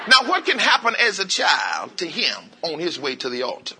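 A man preaching an interactive sermon, coaxing answers from the congregation and repeating phrases in quick call-and-response bursts. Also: sits high, wildly swooping pitch, crowd noise, noisy background. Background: congregation voices and laughter.

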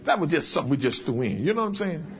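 Man preaching, kinda high voice, jokey folksy sermon. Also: big pitch swings, racing, slight background noise. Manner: humorous, folksy preaching with acted asides. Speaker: pastor.

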